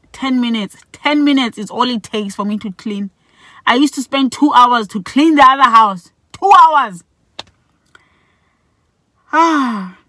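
A middle-aged woman from Botswana tells a personal story straight to camera in a casual vlog. Her voice sits a little high, and she is animated, slipping into the voices of the people she quotes. The sound is dry and close, with no room echo. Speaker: vlogger.

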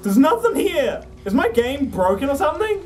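A man's voice: very high-pitched, big pitch swings, normal speed, darkish tone, slight background noise, poor audio. A man streaming a horror game, swearing and jumpy while he talks to his companion through a desk mic. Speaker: gameplay streamer. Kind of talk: let's play commentary. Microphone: desk mic with face cam.

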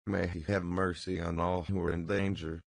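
A man's voice: low-pitched, little pitch movement, moderate pace, vocal fry, dry recording. A man voicing a kindly, anxious elderly male banker in an audiobook reading, his tone urgent and pleading. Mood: prayerful.

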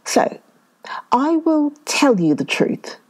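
A crafty male shark, as a woman reads him for a children's story. He sounds smooth and persuasive, drawn out slowly with a lilting, lively rise and fall. His voice sits fairly high. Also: exaggerated voice. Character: cunning male shark, scheming yet friendly.

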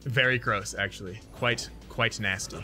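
A man streaming a card game, chatting casually, laughing often and counting out loud as he plays. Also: on the low side, fairly even intonation, normal speed, faint music behind. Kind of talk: casual gameplay chat.

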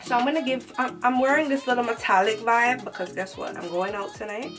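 A woman's voice: fairly high pitch, steady tone, fairly quick. A young adult woman chatting casually through a makeup tutorial, sassy and full of slang. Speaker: beauty vlogger. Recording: music playing behind.

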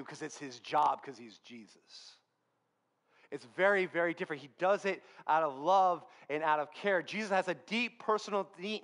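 A man preaching a sermon in a church, telling a Bible story with lively, acted-out dialogue. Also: high voice. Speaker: pastor.

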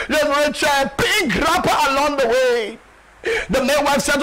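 Pastor, male, very high voice, impassioned repetitive preaching with shouted declarations, faint background noise. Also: unhurried. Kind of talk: fervent sermon and prayer.

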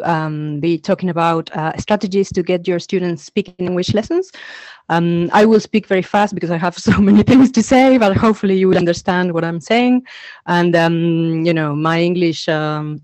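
A woman's voice: fairly low pitch, no room sound. A woman from Argentina presenting a teacher-training webinar over a video call, chatty and full of ums. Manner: chatty, lots of ums and uhs; excited reading out names from the chat. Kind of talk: online conference talk. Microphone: computer mic on a video call.

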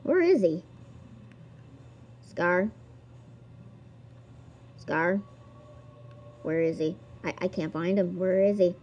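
A woman's voice: lowish voice, steady tone, slow pace, long pauses, a little mellow, muffled recording, a little hiss or hum. A woman giggling and exclaiming as she plays a video game and reads its text aloud. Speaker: gamer. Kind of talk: let's-play commentary.

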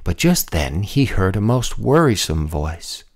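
Slow, expressive man reading a picture book. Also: on the low side. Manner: sing-song, expressive. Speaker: storybook reader. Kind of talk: rhyming picture-book read-aloud.

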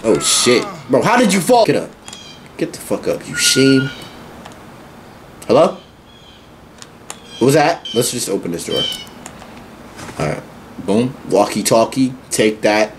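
A man commenting on a video game as he plays, casual and loud, swearing and shouting often. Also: medium pitch, big pitch swings, a little slow, pauses often, slight background noise. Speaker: gaming streamer. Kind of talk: casual let's-play commentary.

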